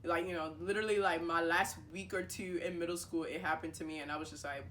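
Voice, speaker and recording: A woman's voice: lowish voice, quick pace, hardly any pauses, a little hiss or hum. Chatty young woman telling a story. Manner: animated, filler-heavy, acts out dialogue. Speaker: vlogger. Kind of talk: casual storytime monologue.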